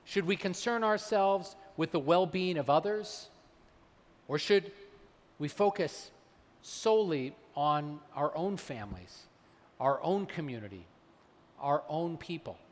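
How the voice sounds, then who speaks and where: A man, a rabbi, delivering a holiday sermon, slowing down and weighing his words when he quotes sacred texts. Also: a little high, lively intonation. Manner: measured, slows for emphasis on quoted texts. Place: large synagogue sanctuary. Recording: long hall reverb.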